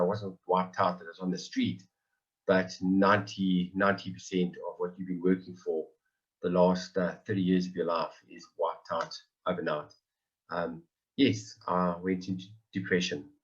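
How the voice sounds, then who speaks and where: Earnest man in his forties, lo-fi. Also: low voice. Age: 40s. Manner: earnest, repeats phrases for emphasis. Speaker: member giving a testimony. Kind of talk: emotional personal testimony on a call.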